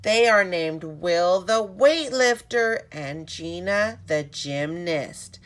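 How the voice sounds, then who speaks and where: A woman's voice: on the low side, lively intonation, slow. A woman voicing a classroom teacher announcing news to her class.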